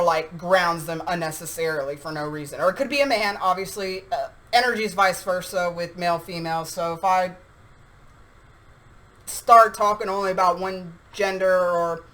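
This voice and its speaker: A woman giving a casual tarot reading straight to her viewers in a chatty, animated way. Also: on the low side, rough recording. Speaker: tarot reader.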